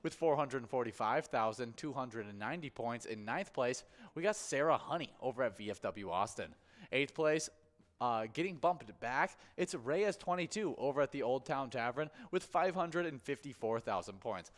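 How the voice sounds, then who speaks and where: A man co-hosting a bingo livestream in casual chat, upbeat as he rattles off player names and point totals. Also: mid-range voice. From Minnesota. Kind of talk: casual chat, reading standings.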